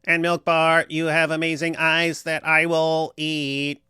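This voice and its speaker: Man doing a mock robot alien, pitched up, stiff and menacing, dry. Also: monotone, a little slow, sharp tone, clean tone, dry recording.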